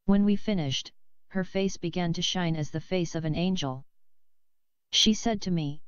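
A woman reading a novel aloud in a measured, steady way, close to the mic, on a slightly dull lo-fi recording. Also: lowish voice, clear, resonant tone, dry recording. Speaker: audiobook reader.

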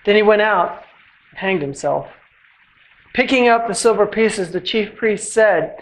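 A church reader delivers a Passion narrative in a measured, solemn way at a service. The voice sits in a middle pitch range and slows at the ends of phrases. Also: animated, poor audio. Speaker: scripture reader.

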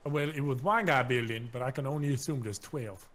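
A man's voice: mid-range voice, slight background noise. A young man streaming a team game, joking around and calling out enemies on a headset mic. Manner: jokey, quick-calling callouts. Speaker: streamer, teammate. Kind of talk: casual gaming chat. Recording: game gunfire loud in the mix. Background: game gunfire.

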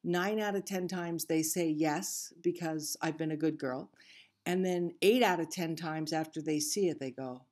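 An older woman with a fairly low voice, talking as a guest actress. She tells her stories candidly and with emphasis, in easy interview chat. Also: moderate pace, a little mellow.

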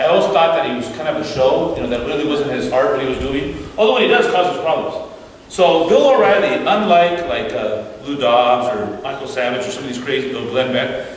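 A man from Mexico tells stories to a church gathering, slipping into the voices of the people in them and restarting sentences as he goes. His voice sits a little high. The recording is distant and boomy, with a long echo from the hall and a faint hiss underneath. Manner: animated storyteller who acts out quoted dialogue, many restarts. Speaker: guest speaker. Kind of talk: storytelling talk to a church audience.

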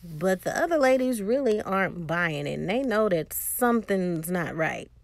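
A woman's voice: lowish voice, normal speed, creaky, dry recording. A woman casually retelling a TV episode scene by scene, acting out the characters' lines as she quotes them. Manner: animated retelling with quoted dialogue. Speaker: TV episode recapper. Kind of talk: casual recap storytelling.

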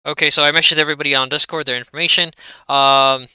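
A man's voice: a little high, fairly even intonation, quick pace, bright, forceful tone, clear, resonant tone, no room sound, poor audio. A man narrating as game master of a tabletop game, chatty and loose with plenty of fillers.

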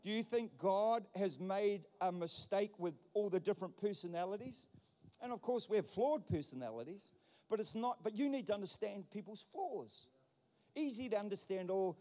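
A man's voice: high voice, animated, normal speed, a little mellow. A man pastor preaching a sermon, emphatic and repetitive, building points through wordplay. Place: church hall. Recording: long church hall reverb.

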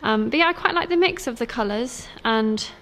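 A woman's voice: a little high, expressive, normal speed, fairly bright tone, a little hiss or hum. A young woman who runs a sewing school, chatting casually to camera about her week. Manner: chatty, with many fillers. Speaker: sewing school owner and teacher. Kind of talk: casual vlog chat.

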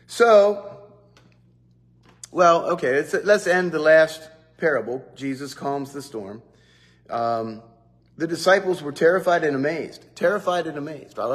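Animated male preacher. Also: a little high. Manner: animated, acts out quotes. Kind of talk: devotional Bible teaching.

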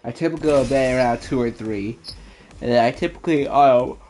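A man's voice: mid-range voice, fairly quick, darkish tone, a little hiss or hum. A man streaming a shooter game, chatting casually and rambling a little, with fillers and self-corrections. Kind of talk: casual chat while gaming.

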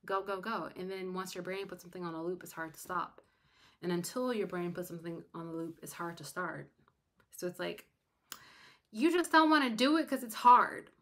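A young adult woman hosting a casual livestream chat. She talks to her viewers directly, animated and emphatic. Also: lowish voice, normal speed. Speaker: livestream host.

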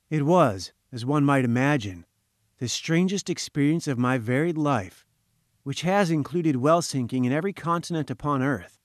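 A man reading an audiobook, narrating a first-person story in a measured, even way. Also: fairly high pitch, no echo, clean studio sound. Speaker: audiobook reader.

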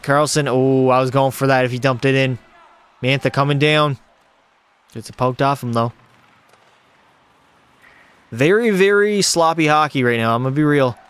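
A man's voice: on the high side, fairly bright tone, smooth. A young man streaming a hockey video game, doing hyped play-by-play and answering chat with jokes. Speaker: gaming streamer. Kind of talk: live gameplay commentary with chat.

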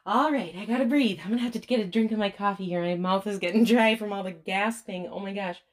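A woman with a Midwestern accent, filming an unboxing vlog at home on a camera on a tripod, gushing and gasping with excitement. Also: medium pitch, quick pace. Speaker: vlogger.

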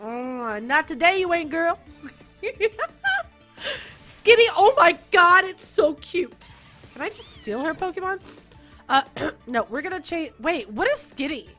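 A young woman gamer with a very high, bright voice, narrating her play. Her pitch leaps around in lively swings, she giggles a lot, and she jumps from squealing outbursts to low mumbling. Game music plays faintly behind her. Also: unhurried. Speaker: gaming YouTuber. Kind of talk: excited let's-play commentary.

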